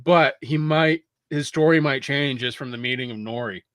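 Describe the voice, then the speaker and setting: A man's voice: medium pitch, normal speed, a bit bright, dry recording, clean studio sound. Stammering male podcast co-host. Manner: stammering restarts, casual swearing. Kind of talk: casual review chat.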